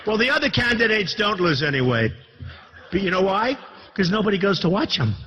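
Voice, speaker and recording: A man's voice: high voice, sing-song, brisk. A man in his sixties giving a rambling, boastful campaign speech to an audience in a hall, repeating himself and throwing asides to the crowd. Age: 60s. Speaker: political candidate addressing business leaders. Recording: dull lo-fi recording with faint noise.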